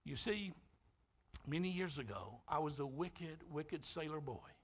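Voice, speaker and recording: A man's voice: a little high, lively intonation, a little slow, a bit bright, slightly rough, heavily acted. A man voicing a frail, tearful old former sailor, speaking earnestly in a sermon story.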